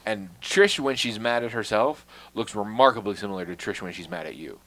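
Wry, low-voiced man telling stories. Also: brisk, a bit bright. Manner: wry, self-deprecating, swears freely, drops to a mutter on asides. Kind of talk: casual storytelling chat.

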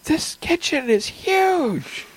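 An overexcited robot cat. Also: male voice, very high voice, very animated, drawn-out words, pitched above the performer's own voice, full character voice. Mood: overjoyed. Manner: loud, squealing, overexcited. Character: excitable newly conscious male robot cat.

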